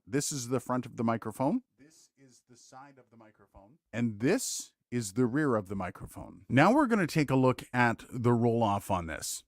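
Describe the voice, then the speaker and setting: A man hosting a casual tech demo as a microphone reviewer, talking straight into a studio condenser mic with lively, joking asides. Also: medium pitch, dry recording.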